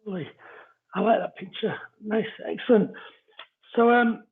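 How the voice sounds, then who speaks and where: Husky-voiced man reading cards on a live stream. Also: high voice, moderate pace. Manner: chatty, greets viewers between explanations. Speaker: psychic card reader. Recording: narrow phone-like audio.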